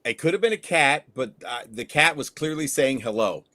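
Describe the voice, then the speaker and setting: A man hosting a casual fishing livestream, telling stories with lively energy and casual swearing. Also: a little high, slightly rough, dry recording. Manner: animated storyteller, swears casually. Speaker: fishing show host.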